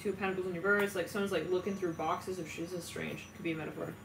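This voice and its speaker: This woman reads tarot in a casual, fast-moving monologue, her fairly low voice gravelly. She's animated, curses, laughs a lot and makes dramatic asides, recorded far from the mic in a roomy space with faint ambient noise.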